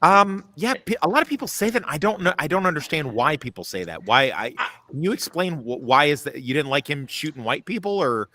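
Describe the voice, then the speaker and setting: A male host chatting casually on a stream, his voice bright and forceful. He jokes around, hesitates often, and moves his pitch up and down a lot. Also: very animated, fairly quick, few pauses. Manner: joking, hesitant with many ums.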